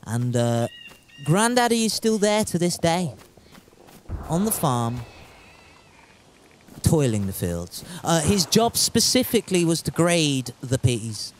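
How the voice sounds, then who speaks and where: A man's voice: a little high, very animated, slow, pauses often, a little hiss or hum. A man streaming a survival game, chatting casually, joking, swearing and trying out put-on accents. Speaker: gaming streamer. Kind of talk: casual gameplay commentary.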